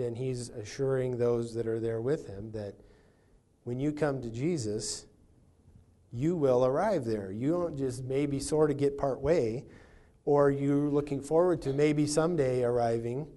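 Mellow-voiced preacher teaching scripture. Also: male voice, medium pitch, measured pace. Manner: teaching verse by verse, explaining word meanings. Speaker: pastor. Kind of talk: sermon.

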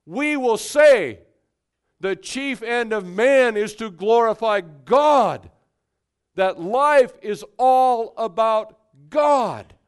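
A man preaching a sermon emphatically, swinging between hushed and forceful delivery. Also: very high voice, lively intonation, very slow, clean tone.

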